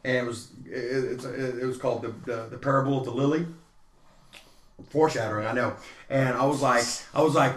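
A man's voice: medium pitch, quick pace, roomy sound. A man casually telling stories among friends, acting out quotes in changing voices. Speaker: podcast co-host. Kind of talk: casual storytelling chat.

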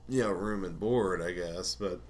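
A man's voice: deep voice, normal speed. A man casually telling a rambling personal story, swearing often and laughing between lines.

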